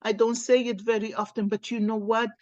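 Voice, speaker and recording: A woman's voice: a little high, little pitch movement, brisk, a little mellow, no room sound. A woman card reader telling a personal story in a casual, earnest, encouraging way.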